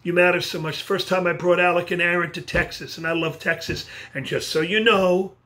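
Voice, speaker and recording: An animated motivational speaker from New York gives a pep talk by video, gesturing as he talks. His voice sits high and he speaks briskly, recorded on a video camera.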